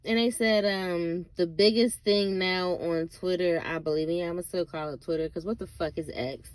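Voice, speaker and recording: A woman's voice: on the low side, steady tone, normal speed, smooth, dry recording. A woman vlogger ranting casually to camera, blunt and profane, rambling with lots of fillers and asides.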